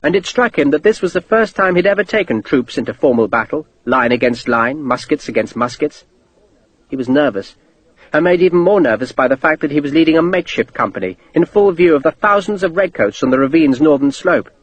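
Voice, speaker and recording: A male audiobook narrator telling the story in a steady, vivid way. His voice is slightly husky, with lively shifts in pitch, and the recording sounds dry and close. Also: fairly quick, dry recording, low-quality recording. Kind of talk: scripted narration.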